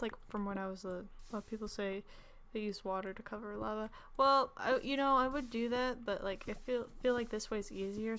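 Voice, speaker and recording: In a giggly, filler-heavy ramble, a young woman talks casually during her game stream. Her voice is mid-range and a bit bright, and she refers to it as an alto. The audio has slight background noise.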